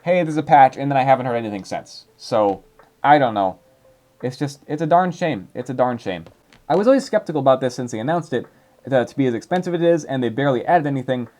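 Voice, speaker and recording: Rambling young guy with lively pitch. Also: fast. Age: 20s. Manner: rambling, filler-heavy, chatty. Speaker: YouTuber reading viewer comments. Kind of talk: casual commentary.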